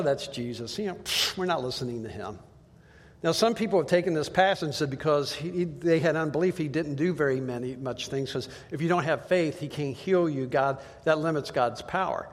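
Male pastor preaching in a reverberant hall. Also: a little high. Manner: conversational, acts out quoted voices. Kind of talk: sermon.

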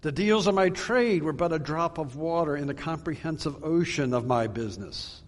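A man's voice: fairly high pitch, animated, moderate pace, pitched above the performer's own voice. A man voicing the anguished ghost of an old businessman, lamenting with emphasis, heard with a long hall reverb.

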